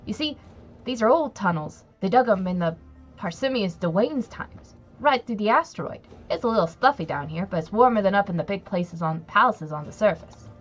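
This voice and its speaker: A woman's voice: medium pitch, animated, normal speed, lo-fi sound, faint music behind, close to an everyday voice. A woman voicing a humble, folksy tunnel-dweller who rambles on deferentially, calling the listener "your ladiness.". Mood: folksy chatty.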